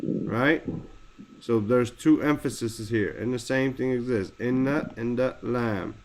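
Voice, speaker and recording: A man's voice: mid-range voice, a little mellow. Man patiently teaching a text. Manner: explains word by word, slows to stress terms. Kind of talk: religious text lesson.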